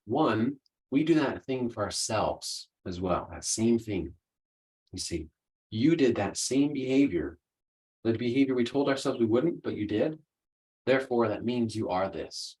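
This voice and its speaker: A man's voice: medium pitch, animated, a little slow, a little mellow, poor audio. A man hosting a solo podcast, explaining ideas in an earnest, conversational way. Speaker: podcast host, coach.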